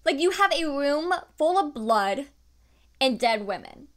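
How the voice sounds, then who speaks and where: A young woman book vlogger telling and reacting to a fairy tale in an animated, chatty, casual way. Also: high voice, a little slow. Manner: animated, chatty, lots of fillers and laughs. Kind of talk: casual book review chat.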